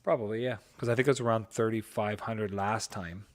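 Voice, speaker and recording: A man's voice: fairly low pitch, steady tone, a little fast. A man co-hosting a casual chat over a video call, talking about his photography studio in an easygoing, matter-of-fact way.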